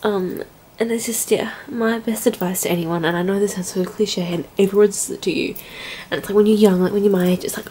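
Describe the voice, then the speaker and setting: A woman's voice: mid-range voice, fairly even intonation, moderate pace, warm tone, a little hiss or hum. A young adult woman working as an au pair, talking in a rambling, chatty and heartfelt way in a casual vlog from indoors at home. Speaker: au pair vlogger.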